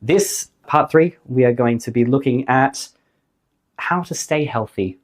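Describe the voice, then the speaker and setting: A man giving a singing lesson to camera, upbeat and jokey, his voice slightly hoarse after the flu. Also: mid-range voice, measured pace. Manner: upbeat, jokey, emphatic on key points. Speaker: singing teacher.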